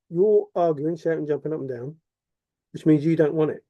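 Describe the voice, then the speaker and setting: A man's voice: a little high, moderate pace, mellow, no room sound. A man delivering an impassioned, repetitive monologue full of rhetorical questions. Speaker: vlogger.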